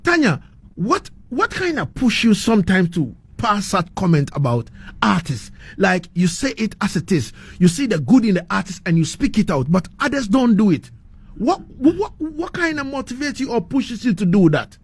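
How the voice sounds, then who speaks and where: A man hosting a radio interview, effusive and warm in his praise, often repeating words as he gathers his thoughts. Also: high-pitched, sing-song, normal speed, breathy edge. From Ghana. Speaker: radio show host.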